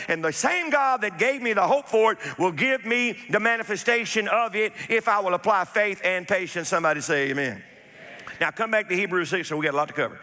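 A male pastor delivers a sermon in a high, bright, ringing voice. He preaches emphatically, repeating key phrases and calling for responses from the congregation. The sound carries a long reverb, as in a church hall.

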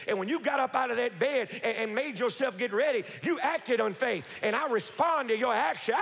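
A man preaching a sermon as pastor, building to shouts and repeating phrases, recorded in an echoey church hall. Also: very high voice, lively intonation, quick pace, vocal fry, breathy edge. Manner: preaching with rising shouts and repetition. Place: church sanctuary. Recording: echoey hall with long reverb.

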